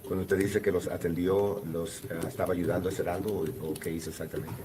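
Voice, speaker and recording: A man working as a court interpreter, switching between Spanish and English in a quick, businesslike way with frequent fillers. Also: low voice, little pitch movement, background noise.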